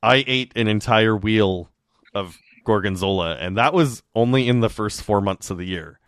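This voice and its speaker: A man's voice: fairly low pitch, moderate pace, a bit bright, clean tone, no echo, clean studio sound. A young adult man co-hosting a podcast, chatting casually with musing asides. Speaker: podcast co-host. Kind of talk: casual chat.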